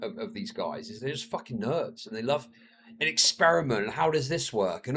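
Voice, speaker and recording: A man's voice: lively intonation, brisk, a bit bright, husky. A man streaming live, reacting to a video with profane, mocking commentary. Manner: profane, mocking, slips into shrill mimicking voices.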